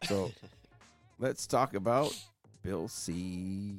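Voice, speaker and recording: A man's voice: low voice, drawn-out words, music in the background. A man hosting a podcast, ranting in a casual, profane chat. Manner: ranting, heavy swearing. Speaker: podcast host.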